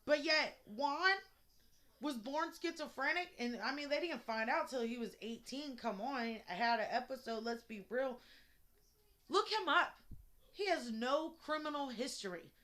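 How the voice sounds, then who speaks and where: A woman with a slightly high voice vents to her viewers in a personal vlog. She is raw, emotional and blunt, and she swears freely. She is recording indoors at home. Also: lively intonation, unhurried, sharp tone. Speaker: vlogger.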